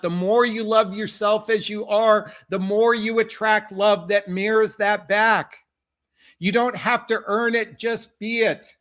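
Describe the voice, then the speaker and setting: A man's voice: high-pitched, steady tone, measured pace, a bit bright. A middle-aged man giving dating advice straight to camera, impassioned and emphatic, often calling his viewers "folks". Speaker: dating coach. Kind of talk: direct-to-camera advice talk.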